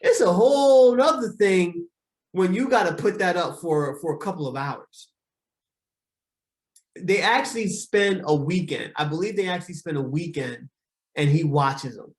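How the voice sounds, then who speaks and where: Guy counselor teaching a group, talks slow, keeps repeating stuff and asking "right?", echoey room. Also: high-pitched. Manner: repeats key points slowly, often asks "right?". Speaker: relationship counselor. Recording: roomy echo.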